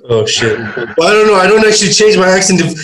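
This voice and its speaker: A young man from South Africa co-hosting a comedy podcast, reading tweets aloud and laughing between jokes. His voice sits a little high, and the room adds a noticeable echo. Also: very animated, quick pace, crowd noise. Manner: joking, reads tweets aloud, laughs often. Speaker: podcast co-host. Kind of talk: casual comedic chat.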